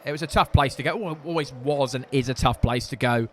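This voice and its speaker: A man casually commentating his own football video game, frank and quick to swear when frustrated. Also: mid-range voice, slight background noise. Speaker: gaming content creator. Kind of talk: casual live gameplay commentary.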